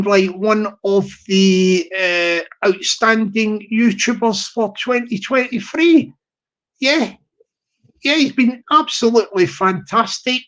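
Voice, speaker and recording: A man hosting a live stream, giving upbeat, rambling shout-outs and often repeating himself. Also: sits high.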